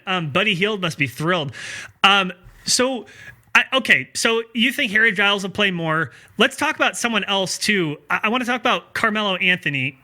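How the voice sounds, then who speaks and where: Bright, high-voiced man talking basketball. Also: lively intonation. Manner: quick, chatty, argues points with laughs. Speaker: podcast host. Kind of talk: casual sports podcast chat.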